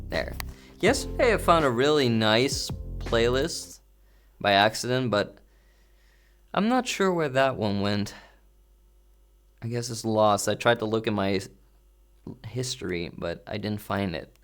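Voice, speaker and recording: A man's voice: fairly low pitch, expressive, unhurried, pauses often, a bit bright. A man livestreaming from home in VR, chatting casually with his viewers in an easygoing, rambling way. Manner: easygoing, rambling, talks to chat. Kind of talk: casual stream chat with viewers. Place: home streaming setup, playing in VR. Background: faint background music.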